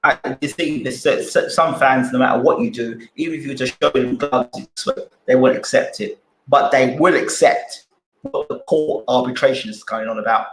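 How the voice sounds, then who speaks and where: A man's voice: medium pitch, moderate pace, a bit bright, roomy sound, slight background noise, low-quality recording. A man hosting a boxing channel live stream, arguing his points with repeated rhetorical questions and answering chat.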